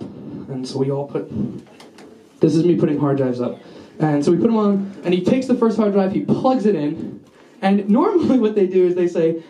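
High-voiced young man doing stand-up. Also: lively intonation, moderate pace, warm tone, roomy sound, low-quality recording. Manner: profane, rambling storytelling with crowd asides. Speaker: stand-up comedian. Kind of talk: stand-up set. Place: small basement venue with a live audience.

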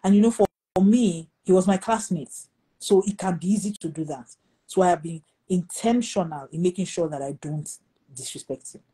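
A middle-aged woman with a Nigerian accent tells a story in a relaxed, mellow, slightly husky voice. She acts out the quoted lines as she goes, playing each part in the exchange. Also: lowish voice, normal speed, poor audio. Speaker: pastor. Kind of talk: storytelling in a talk show conversation.

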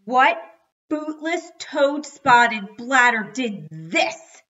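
A woman voicing an excitable dad who bellows and wails theatrical old-style curses, in a dull lo-fi recording. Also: medium pitch. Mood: howling. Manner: bellowing, wailing, drawn-out outbursts.

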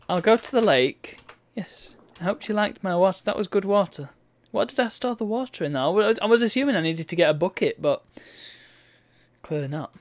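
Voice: mid-range voice, expressive, a little fast, no echo. Wry game streamer. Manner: chatty, wry, reads on-screen text aloud. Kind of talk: let's play commentary.

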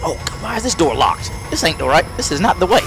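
A man doing excitable, trash-talking commentary on the game he is playing. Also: fairly high pitch, fast talker. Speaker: let's play gamer. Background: game music.

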